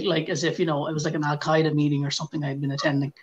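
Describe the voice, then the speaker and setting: On a podcast, a man from Ireland with an Irish accent co-hosts and tells a casual story, animatedly acting out shouted quotes. He speaks on the high side at a quick pace with few pauses, and the recording is muffled.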